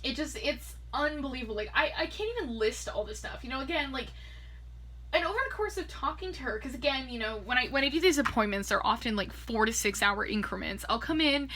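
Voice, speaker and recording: A woman's voice: on the high side, sharp tone. A tipsy young woman, a makeup artist, telling a rambling, profane story in a casual way and laughing often. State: tipsy from drinking.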